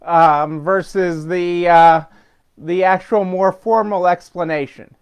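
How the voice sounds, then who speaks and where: A chatty middle-aged man hosts a weekly business update with a high, smooth and resonant voice. He rambles through his points with fillers and restarts, chuckling along the way. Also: fairly even intonation, slow. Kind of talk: casual unscripted talk.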